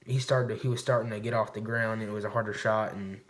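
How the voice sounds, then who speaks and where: A man's voice: fairly low pitch, steady tone, quick pace. A man vlogging to camera, telling a hunting story in a rambling, swearing, casual way. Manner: rambling and profane, recounting a hunt.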